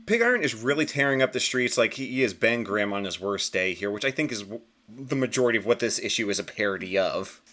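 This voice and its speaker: Guy hosting a comic recap, lively pitch, chatty, self-correcting. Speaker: comic review host. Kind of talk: casual comic review.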